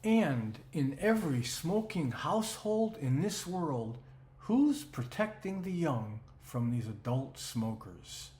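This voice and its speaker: A man's voice: a little high, very animated, takes it slowly, a little mellow. A man giving an emphatic, rhetorical scripted narration. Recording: roomy echo.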